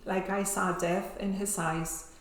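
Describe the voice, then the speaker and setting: A woman's voice: mid-range voice, level tone, slow. Emotional woman, echoey room. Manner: emotional, tags sentences with "right?". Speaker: interview guest. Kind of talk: personal storytelling in an interview.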